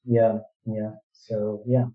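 A man's voice: lowish voice, flat delivery, slow. A man guest in an interview, speaking earnestly and explaining his points through analogies and rhetorical questions. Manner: earnest, repeats phrases, asks rhetorical questions. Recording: distant, roomy, dull-sounding mic.

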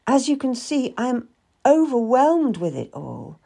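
A woman voicing a grieving Puritan widow, soft and earnest, in an audiobook reading. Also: high voice, big pitch swings, unhurried, creaky, husky, pitched above the performer's own voice, exaggerated voice. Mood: sorrowful. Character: grieving Puritan widow, lonely, gentle and shy.

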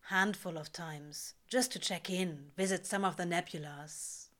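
A woman voicing a laid-back male demon in a low, dry, quietly coaxing voice. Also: a little slow.

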